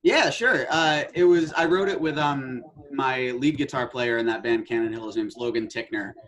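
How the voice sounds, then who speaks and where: A man's voice: medium pitch, normal speed, fairly bright tone. A man in his twenties, a guest musician and actor, chatting in an easygoing way and laughing often. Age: 20s. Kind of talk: casual interview chat.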